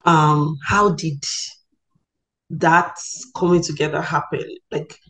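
A woman's voice: deep voice, steady tone, slow pace, fairly bright tone, poor audio. A woman interviewing a guest in a Christian interview, attentive and affirming with frequent murmurs.

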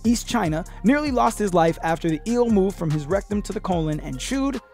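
A man in his thirties hosts a comedy podcast, reading strange headlines and riffing on them with loose, profane energy. His voice sits high and carries a gravelly fry. A faint music bed plays under him. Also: a little fast. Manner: profane, animated, puts on voices when quoting people. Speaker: podcast host.

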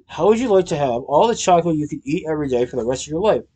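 A man voicing an eager, excitable young male chocolatier who talks with bright urgency. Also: a little high, racing. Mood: excited.

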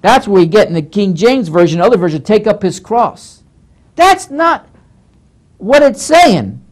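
Delivering a Bible teaching lecture, this male pastor has a high voice that rises and falls dramatically with energy. His manner is emphatic, with occasional scolding and repeated phrases as each point unfolds.

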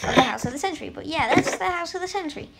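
A woman's voice: very high voice, lively intonation, rapid-fire. A woman giving casual, playful commentary on her own gameplay and chatting to the animals in the game. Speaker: gameplay video creator. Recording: loud background noise.

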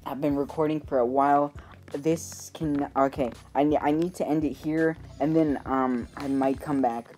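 A man giving live play-by-play commentary on his own mobile game, eagerly talking to himself and repeating quick exclamations. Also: a little high, fairly even intonation, a little mellow, soft background music.

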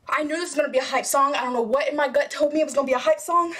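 A woman hosting a music reaction video, gushing and animated, breaking into squeals and whispers while wearing headphones. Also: sits high, rapid-fire, few pauses, slight background noise. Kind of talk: excited music reaction chat.

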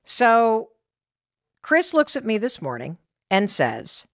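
A middle-aged woman with an American accent, hosting a podcast and telling a candid story in an animated way. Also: on the high side, slow, pauses often, no room sound, studio quality. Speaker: podcast host. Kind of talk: motivational podcast talk.

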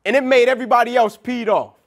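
A young man from Atlanta, USA, delivers a motivational keynote at a large event venue, speaking fast at an extremely high pitch. He's animated, telling stories and acting out what people said in quoted dialogue.

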